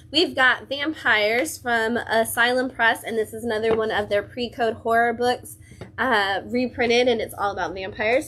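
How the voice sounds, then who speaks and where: A woman's voice: mid-range voice, a bit bright, a little hiss or hum. Chatty woman hosting a comic livestream. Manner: enthusiastic, gushing, chatty with many fillers. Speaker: comic shop livestream host. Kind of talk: casual livestream review. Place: comic shop.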